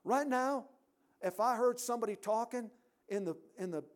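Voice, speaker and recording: A man preaching a sermon in a church, emphatic, rising to loud peaks and dropping to quiet endings. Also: extremely high pitch, normal speed.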